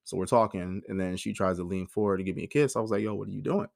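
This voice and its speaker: A man's voice: low voice, fast talker, creaky, darkish tone, no room sound, clean studio sound. A man in his thirties hosting a podcast, telling a personal story in a blunt, emotional way, with a lot of swearing and acted-out dialogue. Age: 30s. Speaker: podcast host.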